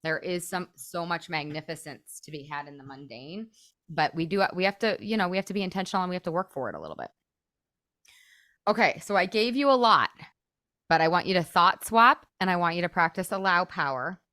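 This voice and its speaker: A woman in her thirties coaching on a podcast, her voice sitting a little low and recorded close and dry with no room sound. she talks casually and fast, scatters "like" everywhere and acts out the thoughts in her own head. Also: lively intonation, bright, forceful tone, no room sound. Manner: chatty, peppered with "like", acts out inner thoughts. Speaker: weight loss coach and podcast host.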